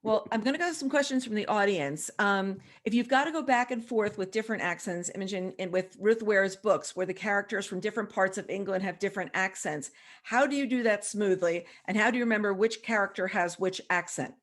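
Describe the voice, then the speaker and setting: A woman moderating a book festival panel, chatty and correcting herself as she goes. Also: mid-range voice. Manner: chatty, quick self-corrections. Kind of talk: hosted panel discussion.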